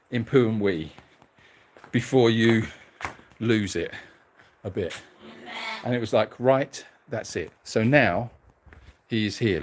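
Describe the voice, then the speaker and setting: A man's voice: mid-range voice, a little hiss or hum. A man hosting a casual live stream from home, chatting and reading out viewer comments in a rambling way. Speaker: animal sanctuary host reading live comments. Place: at home, moving about the house.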